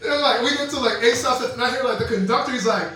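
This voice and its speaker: A young man doing stand-up, his voice high and bright as he spins animated stories and slips into quoted voices. He is heard in a very echoey room from a little way off the mic. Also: fast, distant mic. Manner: animated storytelling with quoted voices and laughing asides. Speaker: stand-up comedian. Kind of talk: stand-up comedy set. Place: comedy club stage with live audience.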